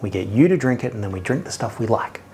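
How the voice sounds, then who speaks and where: A man's voice: lowish voice, sing-song, fast talker, a little mellow, slight background noise. An Australian man hosting his own whisky review channel, talking in a chatty, self-mocking way with jokey asides. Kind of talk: casual video review talk.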